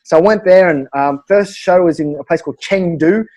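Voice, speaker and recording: A quick, high-voiced Australian man spins comedy anecdotes for a podcast interview, animated and chuckling along as he goes. He talks in a brisk tumble of words. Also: rough recording. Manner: animated, chuckling through his own stories. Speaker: guest comedian.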